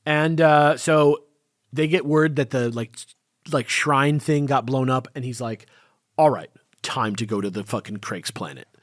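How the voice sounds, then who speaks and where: A man's voice: mid-range voice, measured pace, dry recording, studio quality. A young man co-hosting a podcast, casually recapping a comic book with loose, swearing banter. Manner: loose, laid-back recapping with lots of fillers and swearing. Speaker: podcast co-host.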